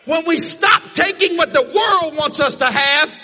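An older man from the American South preaching a sermon, telling folksy family stories with frequent shouting and laughter. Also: extremely high pitch, unhurried, long reverb tail.

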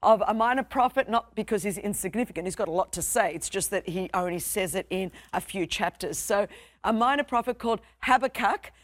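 A young adult woman with an Australian accent preaches a sermon as pastor, her cadence passionate, emphatic, and repetitive. Her voice is medium-pitched and brisk on a dry recording.

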